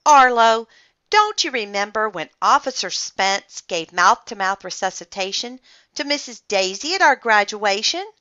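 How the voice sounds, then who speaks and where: A shrill, bossy know-it-all schoolgirl from a children's storybook, acted by a woman reader, high-pitched and eager to be picked. Her voice swoops up and down. The recording is dry and a little muffled. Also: animated, a little slow, bright, forceful tone, no echo. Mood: scolding.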